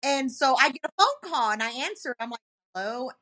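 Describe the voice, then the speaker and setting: A woman with a bright, forceful voice sits a touch high in her range as she tells a story in a relaxed podcast chat. She slips into the voices of the people she quotes, keeping the telling animated. Her delivery is lively and conversational. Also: fast. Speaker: podcast co-host.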